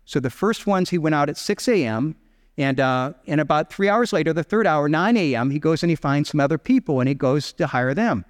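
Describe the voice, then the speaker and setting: A middle-aged pastor preaching a sermon in a slightly high-pitched male voice. He tells the story in an animated way, acting out the characters' voices. The sound carries the long reverb of a church sanctuary. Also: fairly quick.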